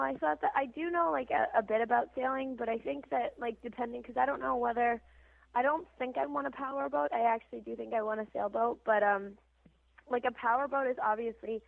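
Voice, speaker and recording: A woman's voice: fairly high pitch, steady tone, fairly quick, creaky, no echo. A young woman, an actress, chatting in a casual podcast interview, rambling with lots of fillers. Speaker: actress guest. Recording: tinny phone line.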